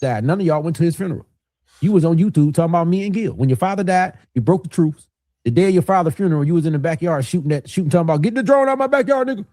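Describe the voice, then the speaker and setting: A man's voice: fairly high pitch, racing, dark tone, no echo, studio quality. A man ranting in a played video clip, heated and insulting. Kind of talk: angry rant in a played clip.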